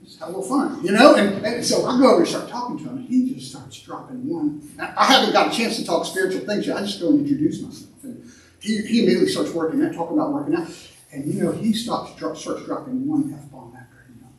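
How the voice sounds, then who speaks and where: High-voiced preaching pastor, man, in an echoey church. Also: fast. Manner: animated preaching, repeats words, swings between loud and quiet. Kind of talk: sermon. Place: church sanctuary. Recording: echoey sanctuary, mic at a distance.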